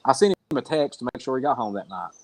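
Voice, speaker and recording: A man's voice: medium pitch, lively intonation, fast. A man telling a long story as a podcast guest over a remote call, talking bluntly with a rambling flow and the odd swear word. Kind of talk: casual storytelling interview.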